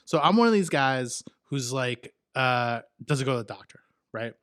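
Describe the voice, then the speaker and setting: A man's voice: mid-range voice, expressive, moderate pace, fairly bright tone, clear, resonant tone, dry recording, clean studio sound. A middle-aged man co-hosting a podcast, telling a long self-mocking story in casual chat and checking in with "right?". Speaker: podcast co-host.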